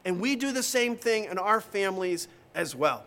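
Middle-aged male pastor, high voice, bright tone, emphatic sermon delivery, acts out quotes. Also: very animated, moderate pace.

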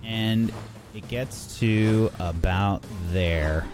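A man's voice: on the low side, drawn-out words, over music. A man running a tabletop game as game master, narrating a monster attack dramatically and swearing casually.

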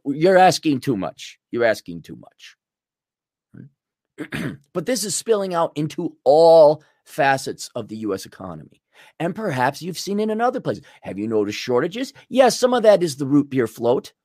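A man's voice: on the high side, sing-song, normal speed, darkish tone, no room sound, studio quality. A man hosting a podcast, ranting in a blunt, sarcastic and crude way. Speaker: podcast host. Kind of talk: ranting monologue.

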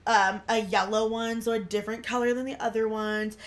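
A woman's voice: on the high side, fairly even intonation, fairly quick. A woman hosting a podcast, telling a family story in casual chat full of filler words. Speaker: podcast host.

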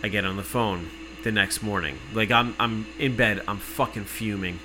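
A man telling an exasperated, profane story in casual podcast chat, cursing freely and working himself up to shouting. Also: lowish voice, moderate pace, background noise.

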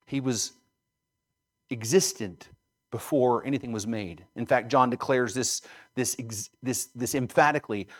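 A man preaching a sermon, emphatic, building to loud stresses and then dropping low. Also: unhurried. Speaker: pastor.

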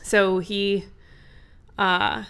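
A woman's voice: mid-range voice, level tone, drawn-out words, a bit bright, clear, resonant tone. A woman hosting a podcast, telling an improvised bedtime story in an easygoing way with many fillers. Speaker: podcast host.

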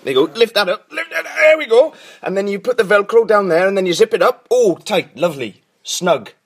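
A man's voice: high voice, very animated, brisk, slightly rough, exaggerated voice. An actor playing an eccentric, pushy male cobbler with salesman patter. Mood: proud. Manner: salesman patter, pointing things out. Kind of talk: comedy sketch acting.

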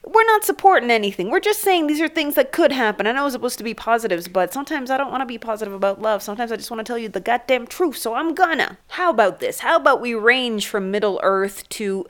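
Young woman podcast host, fast and sweary, rambly comedy chat, a bit high voiced. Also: animated, a bit bright. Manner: profane, rambling, fast-talking. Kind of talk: casual comedic monologue.

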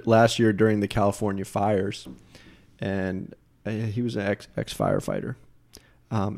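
Low-voiced man hosting a podcast. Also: mellow. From New Jersey. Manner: rambling, self-interrupting with repeated words. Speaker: podcast host. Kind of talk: casual podcast conversation.

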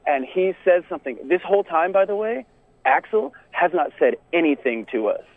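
A man's voice: fairly high pitch, fairly quick, no room sound. A young man from Texas, telling a story in casual podcast chat, laughing often. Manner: animated, laughs often, many fillers. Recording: tinny phone-like sound.

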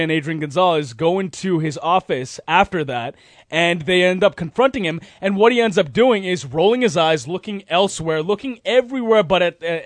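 A man's voice: high voice, no room sound, studio quality. A man hosting a casual sports talk radio show, telling stories with energy and mimicking the people he talks about.

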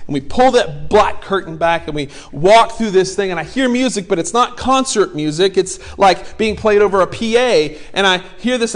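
High-voiced pastor guy in his 40s, animated, jokey, acts out his story. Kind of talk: sermon storytelling.

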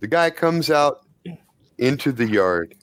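A man's voice: mid-range voice, lively intonation, takes it slowly, no echo. A man running a tabletop game, narrating scenes in a casual, descriptive way with loose profanity. His voice sits in an ordinary middle register. The recording is close and dry. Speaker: game master.

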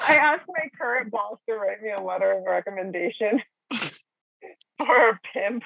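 A woman's voice: mid-range voice, measured pace, gravelly, a bit bright, breathy edge, dry recording. A middle-aged woman chatting casually as a caller, swearing and rambling with lots of fillers. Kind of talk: casual chat. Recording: phone line.

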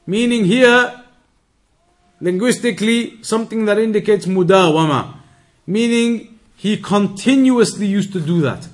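High-voiced man teaching a hadith lesson. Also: lively intonation. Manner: methodical, repeats key points, reads Arabic passages quickly. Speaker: Islamic teacher. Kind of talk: explaining a hadith text.

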